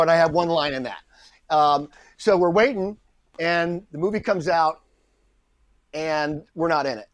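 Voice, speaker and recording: Middle-aged guy spinning a story on a podcast, bit high voice, dry close sound, keeps restarting lines. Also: no echo. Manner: lively storyteller who acts out the people he quotes, with frequent restarts. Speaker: guest actor. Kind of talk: anecdotal storytelling in a podcast interview.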